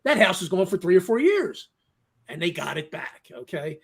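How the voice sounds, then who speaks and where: A man in a casual chat, telling a story in an animated way and laughing often. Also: high-pitched, normal speed, gravelly, breathy edge. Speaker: guest in a chat.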